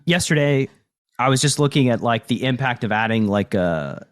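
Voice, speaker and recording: A man hosts a podcast in a relaxed, conversational way. He leans on fillers like "like" and "you know" and swears casually as he talks through ideas at an even middle pitch. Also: moderate pace. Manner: loose, filler-heavy talk with casual swearing. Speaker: podcast host and poker coach.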